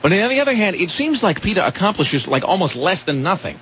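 A man's voice: sits high, sing-song, quick pace, fairly bright tone, dull audio, a little hiss or hum. A man hosting a comedic talk radio show, rambling and sarcastic, often cutting himself off mid-sentence. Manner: sarcastic, rambling, self-interrupting.

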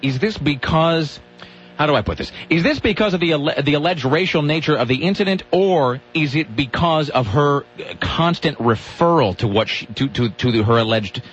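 A man's voice: a little high, animated, moderate pace, fairly bright tone, husky. A man hosting a radio talk show, joking and rambling through his questions with many restarts. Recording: dull lo-fi radio audio with faint hum.

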